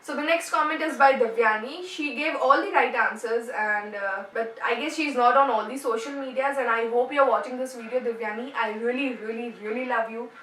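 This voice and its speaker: Chatty Indian woman with a bright voice. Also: fairly high pitch, a little fast, few pauses, slight background noise. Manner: chatty and playful, mixing in Hindi words. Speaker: YouTuber announcing a giveaway winner. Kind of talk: casual vlog talk to camera. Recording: echoey room, camera at a distance.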